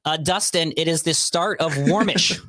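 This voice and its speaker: Animated joking male podcast host. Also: fairly high pitch, normal speed, dry recording. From Northeast Ohio. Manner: animated, joking, emphatic rants. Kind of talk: casual podcast chat.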